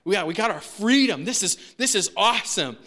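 A man's voice: high-pitched, animated, a little fast, bright, forceful tone. A man preaching a sermon in a casual, chatty way, often asking "right?". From United States. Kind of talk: conversational sermon.

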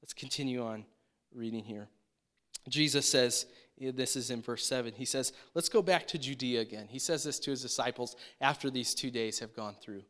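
Bright-voiced man teaching a Bible passage. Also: mid-range voice. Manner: conversational, acts out disciples' lines in quick voices. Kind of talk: casual Bible study teaching.

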